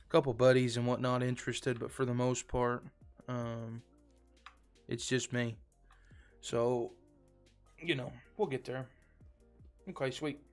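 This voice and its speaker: A man's voice: medium pitch, clean tone. A man streaming a game live, chatting casually to viewers in a rambling, filler-heavy way. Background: faint background music.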